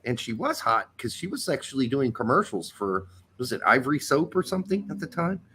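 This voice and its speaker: A blunt, sardonic man co-hosting a casual soccer podcast, swearing freely. His pitch swings widely, rising and dropping as he talks. His tone is bright and forceful. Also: very animated, brisk, a little hiss or hum. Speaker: podcast co-host. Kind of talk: casual chat.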